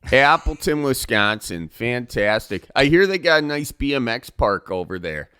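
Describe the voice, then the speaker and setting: A man's voice: medium pitch, sing-song, moderate pace, sharp tone, smooth, no room sound, studio quality. A man playing a cheery, folksy male nature-radio host in a comedic improvised bit.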